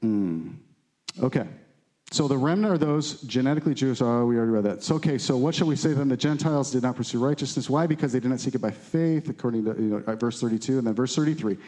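A man's voice: medium pitch, quick pace, warm tone. A man teaching a Bible study to a live group, reading scripture aloud and asking the room questions in a conversational way. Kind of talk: teaching sermon.

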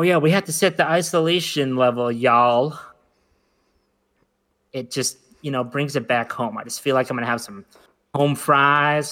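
A man's voice: medium pitch, sharp tone. A man co-hosting a casual podcast chat, rambling and joking playfully. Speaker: podcast co-host.

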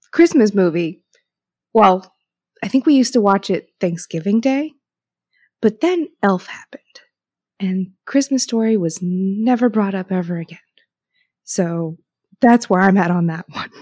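Woman, slow speech, mid pitch, fond, relaxed, dry close sound. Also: no room sound. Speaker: panelist. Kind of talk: casual podcast chat.

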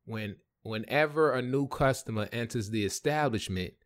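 Animated, profane male podcast host. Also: mid-range voice, normal speed. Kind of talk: casual storytelling.

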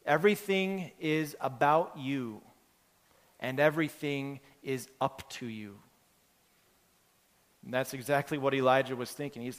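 A man preaching a sermon as pastor, in a conversational, earnest way, building his points from everyday examples. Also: on the high side. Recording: long hall reverb.

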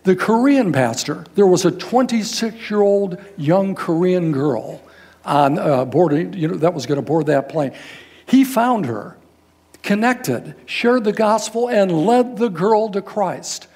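An older man, a guest pastor, telling a story in a sermon in a folksy, animated way, acting out the people in it. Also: high voice, unhurried. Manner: animated, folksy, quotes people in raised voices.

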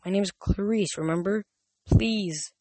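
A man voicing a gentle, sad teenage girl in a storybook reading, soft and coaxing. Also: high-pitched, unhurried, no room sound. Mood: pleading.

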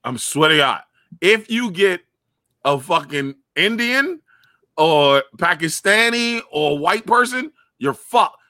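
A young man in casual chat, telling stories loudly with slang and lots of swearing. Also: high-pitched, slow, dry recording, studio quality. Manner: loud, profane, animated storytelling with slang.

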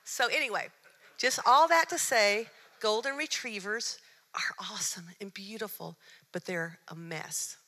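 Bright-voiced woman preaching in a reverberant hall. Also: medium pitch, measured pace. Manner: storytelling, shifts between hushed and excited. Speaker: church speaker. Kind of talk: sermon with personal stories.

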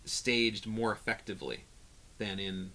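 Low-voiced man chatting about films. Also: slight background noise. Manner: halting, many restarts, animated when mimicking. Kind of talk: casual film discussion.

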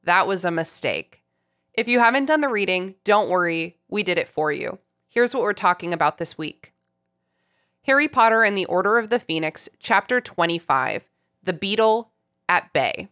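A woman's voice: medium pitch, lively intonation, normal speed, a bit bright. A stuffed-up, nasal woman in her forties with a Boston accent hosts a podcast while sick. She keeps to a babyish little-kid voice as she chats. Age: 40s. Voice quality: nasal, congested. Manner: talking in a put-on baby-talk voice. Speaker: podcast host. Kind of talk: casual podcast chat.

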